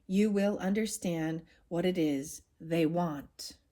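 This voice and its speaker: A woman voicing an excitable, scheming male sub-warden from a storybook, read quietly and plainly. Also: on the low side, slow pace. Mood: urgent.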